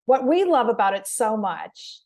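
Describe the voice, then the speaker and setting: A woman podcast host and communication coach, talking through ideas in a measured conversational way. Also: fairly high pitch, big pitch swings, darkish tone. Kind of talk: conversational interview.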